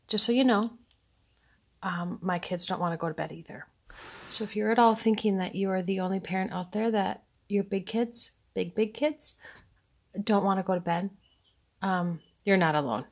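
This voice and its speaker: A woman in her thirties hosting a casual faith podcast from home at night, rambling and sleepy, with soft laughs. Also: medium pitch. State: sleepy, yawning. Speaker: podcast host.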